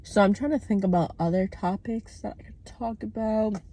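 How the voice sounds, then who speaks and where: A woman's voice: mid-range voice, normal speed, dark tone, slight background noise. A young American woman recording a candid, outspoken video diary from her parked car, swearing freely as she talks. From United States. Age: young adult. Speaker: vlogger. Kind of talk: casual personal video diary.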